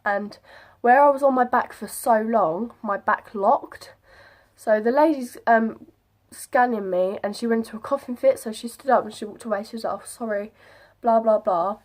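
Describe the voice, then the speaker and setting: A woman's voice: on the high side, moderate pace. A young woman, chatting casually to camera as she retells an experience. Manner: chatty, animated retelling with quoted voices. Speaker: vlogger. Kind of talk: casual storytelling vlog.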